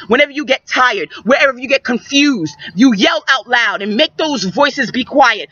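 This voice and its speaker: A woman's voice: on the high side, pushed and bright, dry recording. A woman giving emphatic, repetitive spiritual advice to young viewers in a preacherly way. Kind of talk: metaphysical advice talk. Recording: dull lo-fi recording.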